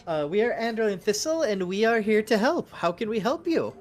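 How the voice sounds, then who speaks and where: A man's voice: high voice, sing-song, a little fast, pitched above the performer's own voice. A man voicing two eager teenage shop clerks who speak together to greet customers.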